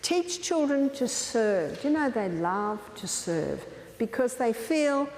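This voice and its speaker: A woman's voice: on the high side, very animated, takes it slowly, darkish tone. A woman giving a lecture on raising children, telling personal stories in a direct, firm way. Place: lecture hall. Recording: echoey hall, faint background noise.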